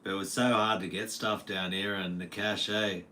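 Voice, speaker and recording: A man's voice: sits low, level tone, normal speed, pushed and bright, a little hiss or hum. A man with an Australian accent, casually chatting with his livestream viewers, laid-back and jokey with lots of laughs and slang. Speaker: livestream host. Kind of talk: casual livestream chat reading comments. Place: home.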